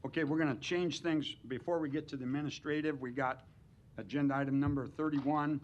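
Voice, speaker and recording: A man chairing a public planning board meeting, briskly calling motions and reading out case numbers. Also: fairly high pitch, fairly even intonation, dull audio, a little hiss or hum. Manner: brisk procedural, reads case numbers aloud. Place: council chamber.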